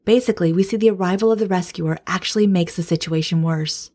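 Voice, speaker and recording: A woman's voice: on the low side, fast, dark tone. A woman hosting a Bible study podcast, reading scripture and teaching devotionally. She speaks to her listeners as friends and sometimes drops to a whisper for emphasis.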